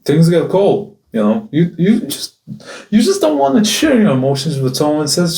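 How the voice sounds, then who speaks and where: A man's voice: on the high side, very animated, vocal fry, a little mellow. Raw, swearing man in an echoey room. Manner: raw, emotional, swears often, halting restarts. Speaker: video journal host. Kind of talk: confessional video diary. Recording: roomy echo, mic at a distance.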